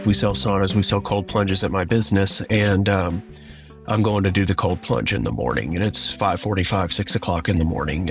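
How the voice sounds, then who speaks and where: A man with a drawl recounts a personal story, earnest and halting, leaning on "like" as he goes. His voice sits fairly low. Soft music plays faintly behind him. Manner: earnest and halting, many "like" fillers. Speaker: guest sharing his testimony.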